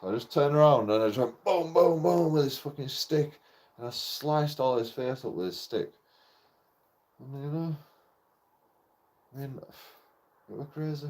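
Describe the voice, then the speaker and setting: A man's voice: medium pitch, measured pace, long pauses, darkish tone. A young man tells a personal story in a casual, rambling way. He swears constantly and breaks off with short laughs between phrases. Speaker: channel host telling a personal story.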